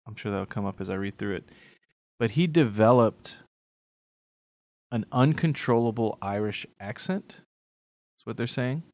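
A man's voice: on the low side, lively intonation, unhurried, pauses often, a little mellow. A man co-hosting a casual faith podcast, talking earnestly and thoughtfully, often checking in with "right?". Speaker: podcast co-host.

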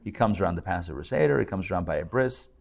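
A man's voice: sits low, animated, quick pace, creaky. A man, a rabbi, teaching a live class in a joking, conversational way and checking in with his audience. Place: lecture room with a live audience and online viewers.

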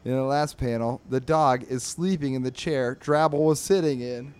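A man hosting a comedy podcast, reading comic strips aloud in an animated way, laughing often and slipping into squeaky character voices. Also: normal speed, clear, resonant tone.

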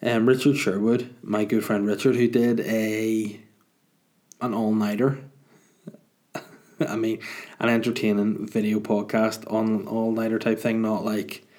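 A man hosting a podcast on his own, talking in a loose, rambling, jokey way with plenty of swearing. His voice sits fairly low. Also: little pitch movement, a little slow, long pauses, darkish tone. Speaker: podcast host and stand-up comedian. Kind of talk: casual solo podcast chat.

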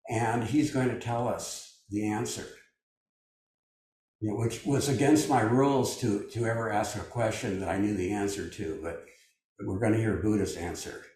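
An older man with a fairly low, darkish voice leads a meditation group over a video call at normal speed. His loose, musing delivery is packed with fillers, and the sound comes from a distant mic in a very echoey room.

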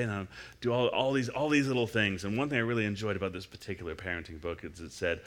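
A middle-aged man giving a sermon in a church, talking casually with many restarts and sometimes sinking into soft, murmured prayer. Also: on the low side, a little hiss or hum. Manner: conversational, halting with many restarts. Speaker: guest speaker. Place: church service before a congregation.

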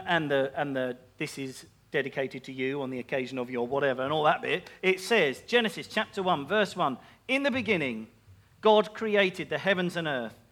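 A man with a notably high voice gives a relaxed, humorous sermon. He moves easily between scripture and jokey side remarks about his own life. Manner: chatty and self-mocking, with asides and laughs. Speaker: preacher.

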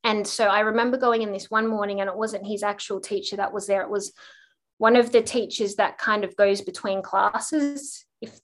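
A woman's voice: medium pitch, moderate pace. A woman guest on a parenting podcast, casually telling a personal story and acting out the quotes. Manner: lively anecdote telling with acted-out quotes.

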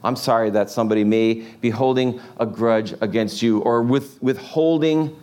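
A man's voice: medium pitch, moderate pace, a little mellow. A man preaching a sermon in a casual, joking way, asking the congregation lots of rhetorical questions. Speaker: pastor.

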